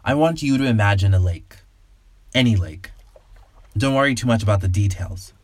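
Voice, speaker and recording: A man hosting a podcast and narrating a story in a calm, measured, soothing way. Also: on the low side, no echo. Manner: calm, slow, soothing guided-imagery delivery.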